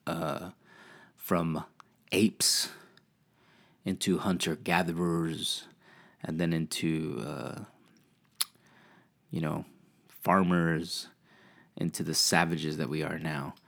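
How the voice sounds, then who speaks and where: Guy with a really low voice rambling on his podcast, laid back, swears a lot. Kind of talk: casual monologue.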